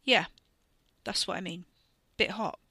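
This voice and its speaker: A woman voicing a sardonic teenage boy with a dry, mocking edge. The voice is bright and crisp, recorded close in a dry room. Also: medium pitch, measured pace, no room sound, exaggerated voice. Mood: uneasy.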